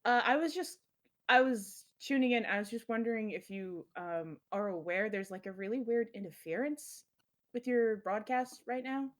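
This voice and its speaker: A woman voicing a shy radio caller who talks haltingly and apologetically. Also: on the high side, lightly acted. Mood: hesitant.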